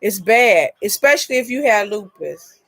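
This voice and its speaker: A woman's voice: mid-range voice, animated, normal speed, fairly bright tone, no echo. A woman hosting a casual live chat, telling a long personal story in a rambling way and greeting viewers by name.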